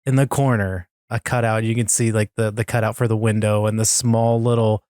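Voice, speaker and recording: A man co-hosting a podcast, chatting casually and excitedly as a fan, with frequent laughs and fillers. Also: lowish voice, fairly quick, clear, resonant tone, no room sound, studio quality. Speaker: podcast co-host.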